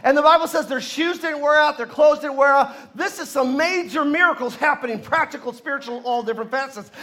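A man's voice: very high-pitched, bright, forceful tone. A male pastor preaching a sermon at a church service, leading the congregation in call and response.

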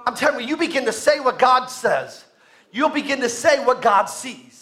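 A male pastor preaching a sermon, shouting his declarations and calling on the congregation to answer back. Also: very high-pitched, animated, normal speed, a little hiss or hum. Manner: shouting, swinging between loud declarations and quiet asides; calls to the congregation for responses.

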